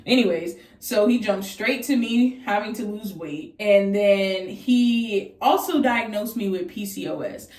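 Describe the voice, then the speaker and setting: A woman in her twenties telling a casual storytime vlog, candid and profane, jumping into high-pitched voices when she quotes people. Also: measured pace, few pauses, a little mellow, recorded from a distance. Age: 20s. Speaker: vlogger. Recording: echoey room, voice off from the mic.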